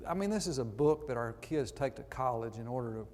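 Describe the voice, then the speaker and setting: A man's voice: mid-range voice, lively intonation, fairly quick, a little mellow. A man preaching a sermon in a church, reading scripture and adding conversational asides. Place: church auditorium. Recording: long reverb in a church hall.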